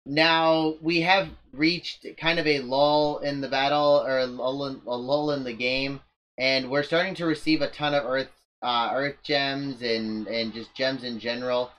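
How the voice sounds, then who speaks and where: A man's voice: medium pitch, steady tone, unhurried, fairly bright tone. A man giving casual commentary on his strategy game, rambling and poking fun at his own moves. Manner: rambling, self-mocking, often restarts sentences. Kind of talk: casual let's-play commentary.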